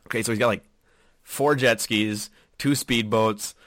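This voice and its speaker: A man telling stories in casual chat, profane and animated, often laughing. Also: lowish voice, unhurried, no echo, studio quality. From Wisconsin.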